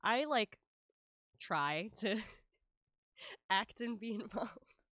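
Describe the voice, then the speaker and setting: A woman's voice: fairly high pitch, expressive, extremely slow, a bit bright, no room sound, studio quality. A woman with a stuffy nose chatting casually while she draws on a live stream, often laughing and filling with "like". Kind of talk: casual chat while drawing.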